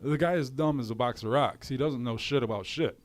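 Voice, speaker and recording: A man's voice: mid-range voice, fairly quick. Profane, exasperated man ranting on a stream. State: runny nose. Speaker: livestream commentator. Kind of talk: ranting livestream chat. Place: home in cold weather.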